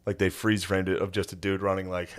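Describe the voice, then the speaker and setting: A man co-hosting a podcast in casual banter, telling stories with dry, deadpan asides. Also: deep voice, quick pace. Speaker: podcast co-host.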